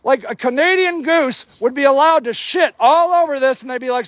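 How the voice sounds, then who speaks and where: A man's voice: extremely high pitch, animated, normal speed, no room sound. A man filming a livestream outdoors, giving indignant, sarcastic running commentary and swearing freely. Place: outdoor homeless camp in snowy cold.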